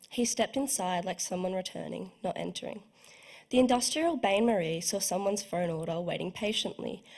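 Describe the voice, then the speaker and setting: A young woman reads her own prose aloud at a launch, careful and evocative in her phrasing. Her voice sits at a middling height for a woman, with the occasional small stumble over a word. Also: mid-range voice. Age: young adult. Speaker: student writer reading her work. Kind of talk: literary reading.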